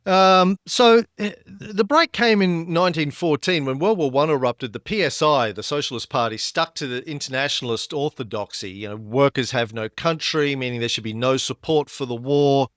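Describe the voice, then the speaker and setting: Guy co-hosting a history podcast, storyteller vibe, gets louder and higher on the big points, dry close mic. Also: moderate pace, few pauses, no echo. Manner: lively storytelling, rises in pitch when emphatic. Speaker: podcast co-host.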